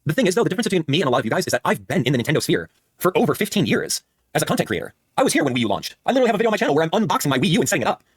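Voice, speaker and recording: A man in his thirties talking fast on a live stream, his voice pitched a bit high and swinging widely up and down. He hammers his points by repeating them over and over. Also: husky. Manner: animated, repeats phrases for emphasis. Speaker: streamer reacting with chat.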